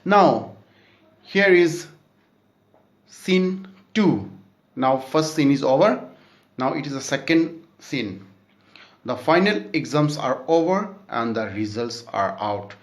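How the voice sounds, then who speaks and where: A man's voice: medium pitch, expressive, takes it slowly, long pauses. A man teaching a class lesson, reading a story aloud and explaining word meanings, often checking in with "okay?". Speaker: school teacher.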